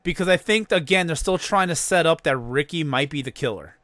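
A man's voice: on the high side, brisk, dry recording. A man hosting a podcast in casual chat, swearing freely as he recounts a horror movie. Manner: animated, laughing, swears freely. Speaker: podcast host.

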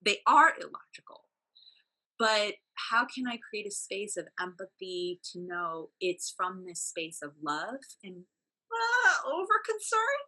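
A woman's voice: mid-range voice, very animated, unhurried, pushed and bright. A woman telling personal family stories as a podcast guest, earnest and open, with many fillers and self-corrections. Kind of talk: candid personal storytelling.

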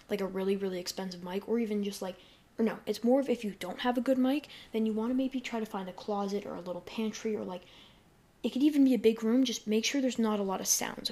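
A woman chatting on her own podcast at an ordinary, mid-range pitch. She wanders from point to point with plenty of "um"s and restarts. She is recorded on a desk mic in her bedroom. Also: dark tone. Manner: rambling, full of fillers and self-corrections. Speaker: podcast host. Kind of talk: casual solo podcast chat.

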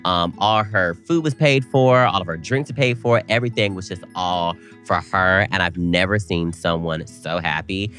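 A man co-hosting a podcast, telling a story in a casual, animated way with playful slang. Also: sits low, normal speed, few pauses, faint music behind. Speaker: podcast co-host. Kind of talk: casual chat.

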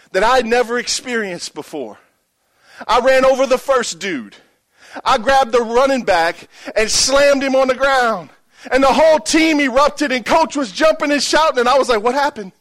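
A man's voice: very high-pitched, a bit bright. A middle-aged pastor preaching a sermon, telling a story and calling out to his congregation for a response.

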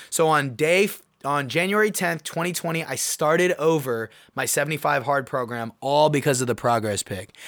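Excitable young man telling his story. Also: fairly high pitch. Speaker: podcast host. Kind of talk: casual solo podcast monologue.

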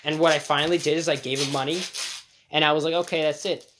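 A man's voice: on the high side, steady tone, fast talker, background noise. A young man telling rambling street stories in casual chat, laughing often and acting out the people he quotes. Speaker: co-host.

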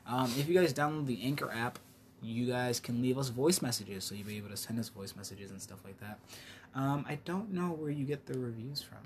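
A man co-hosting a podcast in casual chat, slangy and quick to laugh, often losing his train of thought. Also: medium pitch, slight background noise. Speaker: podcast co-host.

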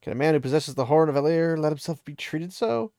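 Dude reading as a snooty calm noblewoman, low gravelly voice, dry. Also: fast, dry recording. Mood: haughty. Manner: cool, lofty, chiding.

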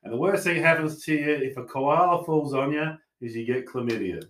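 A man's voice: on the high side, brisk, a bit bright. A man co-hosting a casual podcast, chiming in with dry, joking asides. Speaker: podcast co-host.

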